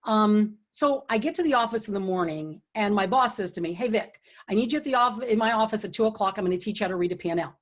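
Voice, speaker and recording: A woman's voice: medium pitch, quick pace, hardly any pauses. A middle-aged woman hosting an online book launch, giving earnest, encouraging leadership advice and telling personal stories. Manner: earnest and encouraging, drops to a hushed tone when retelling quiet moments. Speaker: author and host of a book launch. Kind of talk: online event talk with storytelling. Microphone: computer or webcam mic for an online event.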